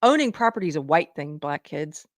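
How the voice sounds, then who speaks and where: A woman's voice: sits low, very animated, fairly quick, no room sound, studio quality. Indignant Southern woman hosting a show. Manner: indignant, emphatic, reads items from a list. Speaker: livestream show host. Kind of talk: live political commentary.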